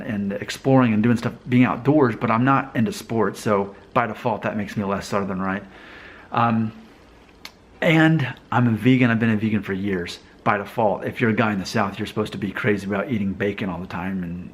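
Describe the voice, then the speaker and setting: A man's voice: mid-range voice, a little hiss or hum. A man in his thirties from Alabama, vlogging in a casual, musing monologue, chatty and self-questioning. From Alabama, US South. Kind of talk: casual talking-to-camera monologue.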